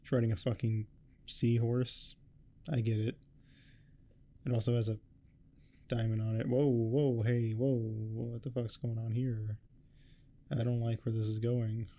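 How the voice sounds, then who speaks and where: A man giving a rambling, heavily swearing casual recap of a webcomic, tossing off quick quotes of the characters. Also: medium pitch, little pitch movement, mellow. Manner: swears a lot, rambling and offhand. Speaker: host. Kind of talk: casual comic recap commentary.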